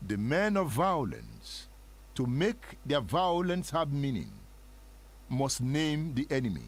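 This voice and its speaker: Man, husky voice, slow deliberate delivery, wildly swinging pitch, dramatic history lecture, rhetorical questions. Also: huge pitch swings. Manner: theatrical, rhetorical questions, sermon-like cadence. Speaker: host.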